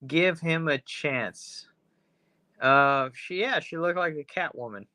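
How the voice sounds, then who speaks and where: A man's voice: fairly high pitch, slow, bright, forceful tone, no room sound. A man co-hosting a podcast, retelling a story in a rambling, profane way and acting out the characters' lines. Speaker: podcast co-host. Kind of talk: casual chat, retelling a film episode.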